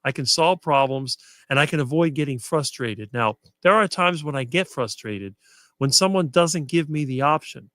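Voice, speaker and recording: A middle-aged man talking casually as a guest and answering quickly with almost no fillers. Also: medium pitch, a bit bright, no room sound. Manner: fluent and quick, few fillers. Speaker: guest on a diet talk show. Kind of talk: casual conversation on a live stream.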